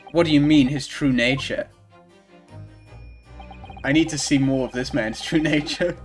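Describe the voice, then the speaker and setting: Male streamer, higher-pitched, gushing and giggly; faint game music under the voice. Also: normal speed, pauses often. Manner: excitable, gushing, laughs often. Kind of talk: casual gameplay commentary.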